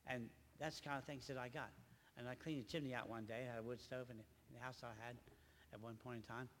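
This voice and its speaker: An older man giving an emotional personal testimony at a church gathering, speaking haltingly and often repeating his words. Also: mid-range voice, fairly even intonation, fairly bright tone. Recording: reverberant hall, faint background noise.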